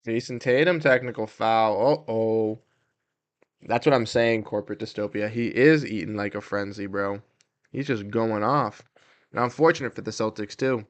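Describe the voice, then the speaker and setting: Excitable young man calling a game. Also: on the low side, highs cut off. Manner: excitable, talks to chat, quick bursts. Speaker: livestream host. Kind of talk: casual live game commentary.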